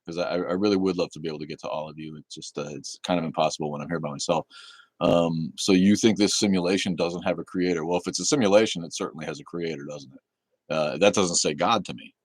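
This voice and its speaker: A man with a low voice, captured without echo, runs a casual livestream. He reads chat aloud in an easygoing, laid-back manner, laughing frequently and cursing casually.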